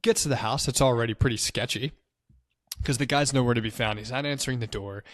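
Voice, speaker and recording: A man's voice: medium pitch, quick pace, no room sound. A man co-hosting a movie podcast, retelling the plot in a loose, swearing casual chat. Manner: swears often, acts out quotes loosely. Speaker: podcast co-host.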